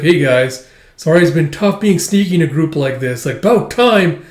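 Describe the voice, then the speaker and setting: A man's voice: fairly high pitch, expressive, normal speed, echoey room. A man recapping a manga volume in a rambling, casual way, full of fillers. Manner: rambling, filler-heavy retelling. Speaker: manga reviewer.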